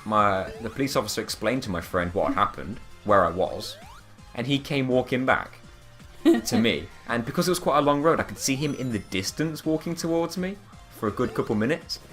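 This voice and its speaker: A man's voice: mid-range voice, lively intonation, fairly quick, a bit bright, faint music behind. A young man telling a funny anecdote in casual chat, laughing often and acting out the people he quotes. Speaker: podcast co-host. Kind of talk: casual storytelling.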